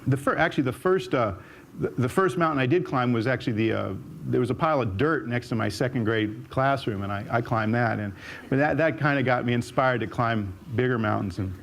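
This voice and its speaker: An older man tells stories from his life on stage, rambling warmly through false starts and repeated words, and jumping up in pitch to act out what others said. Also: a little fast, creaky, a little hiss or hum. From United States. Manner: chatty storyteller with frequent restarts and repeated words; jumps up in pitch when acting out what people said. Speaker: speaker. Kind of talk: storytelling talk on stage. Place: auditorium stage.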